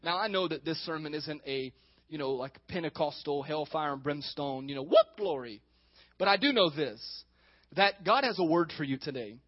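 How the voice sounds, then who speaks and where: A man preaching a sermon as pastor, animated, acting out the scripture dialogue he reads. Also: on the high side, moderate pace, no echo, lo-fi sound.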